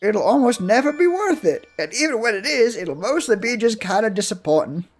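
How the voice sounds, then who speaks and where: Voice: mid-range voice, very animated, fairly quick. A game streamer chatting casually with viewers while playing, rambling and swearing freely. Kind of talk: casual live-stream chat while gaming.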